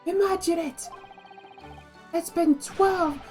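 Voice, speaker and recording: A woman's voice: very high voice, steady tone, takes it slowly, faint music behind, voice pushed up. A woman voicing a shaky, fearful young male foreign student held as a prisoner, speaking in a British accent with trembling, flowery phrasing. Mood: effusive. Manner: trembling, paranoid, florid.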